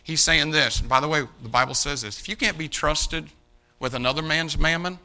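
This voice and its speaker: A man's voice: fairly high pitch, fairly quick, bright, forceful tone. A man preaching a sermon, emphatic, calling out to the congregation and addressing people by name. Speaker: pastor.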